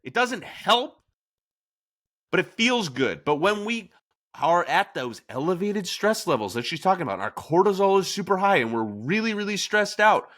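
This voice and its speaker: Animated, bright-voiced male podcast host. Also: sits high, moderate pace. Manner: animated storytelling, acting out quoted lines. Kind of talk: casual podcast discussion.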